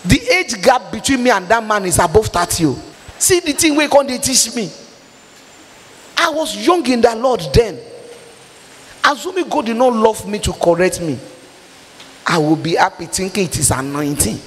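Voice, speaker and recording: A woman with a Nigerian accent preaching a sermon, exhorting forcefully and breaking into pidgin and shouts. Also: mid-range voice, expressive, normal speed, pauses often, long reverb tail.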